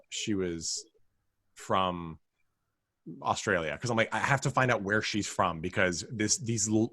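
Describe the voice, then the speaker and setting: Casting: male podcast co-host, low voice, dry close sound, rambling wry film chat. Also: fairly bright tone, dry recording. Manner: rambling, self-interrupting, wry. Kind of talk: casual film review chat.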